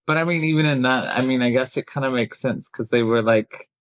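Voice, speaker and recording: Laid-back guy recapping a movie plot, mid-pitched, dry close sound. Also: a little fast, no room sound. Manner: easygoing, agreeable, laughs along. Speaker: film review podcast host. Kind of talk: casual chat.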